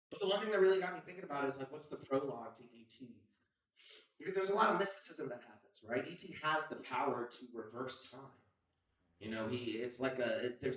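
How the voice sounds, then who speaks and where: A man doing a rambling open-mic stand-up set with slangy talk and sudden shouted bits, from a club stage. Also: mid-range voice, heavy reverb, recorded from a distance, low-quality recording. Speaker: stand-up comedian.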